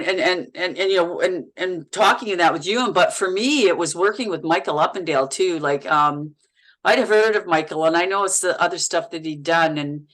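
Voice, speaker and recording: A middle-aged woman from Canada, an actress and podcast guest, telling on-set stories in a lively, laughing way, often repeating words as she goes. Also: fairly low pitch, low-quality recording. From Canada, Manitoba. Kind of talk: casual interview chat.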